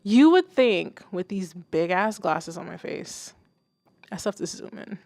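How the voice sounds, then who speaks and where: A woman's voice: fairly low pitch, fairly even intonation, a little slow, gravelly, no room sound. A young woman from Haiti hosting a live music listening stream, giving candid, casual feedback and swearing freely. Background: submitted song playing.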